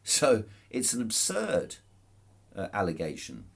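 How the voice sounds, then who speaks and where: A man's voice: fairly low pitch, wildly swooping pitch, slow pace, creaky, breathy edge. A man casually recounting events to camera, amused and chuckling, with frequent restarts and false starts. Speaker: protester recounting a court case. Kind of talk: casual spoken account to camera.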